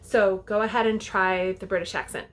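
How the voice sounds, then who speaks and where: A woman's voice: medium pitch, fairly even intonation, normal speed, fairly bright tone. A woman directing a youth theater, giving casual, chatty audition instructions to parents and kids, often checking in with "okay?".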